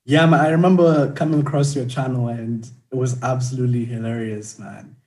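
A man's voice: mid-range voice, fairly even intonation, a little fast, darkish tone. A young man hosting a podcast, chatting casually and laughing often. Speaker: podcast host.

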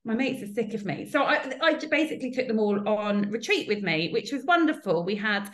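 A woman's voice: fairly high pitch, lively intonation, a little fast. A woman in her thirties from the UK talks openly on a podcast. She is self-deprecating and often laughs at herself. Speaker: podcast guest. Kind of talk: casual chat.

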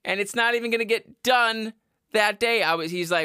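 A man's voice: high voice, brisk, pushed and bright, clear, resonant tone, dry recording, studio quality. A young man hosting a podcast, talking in a casual, exasperated rant with swearing and frequent laughs. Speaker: podcast host. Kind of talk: casual ranting monologue. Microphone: headphones.

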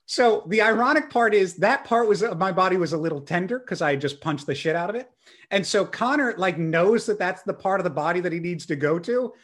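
A young man telling a story in a casual chat, animated and self-mocking. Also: high-pitched, fairly quick.

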